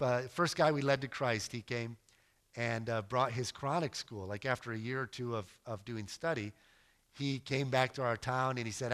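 A man's voice: mid-range voice, a bit bright. A man giving an earnest teaching sermon as a missionary preacher, emphatic and storytelling. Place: lives in West Africa.

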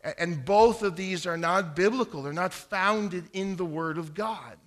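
High bright-voiced man preaching. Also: unhurried. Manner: earnest, repeats words when starting sentences; quotes King James Bible verses. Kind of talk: evangelism teaching talk.

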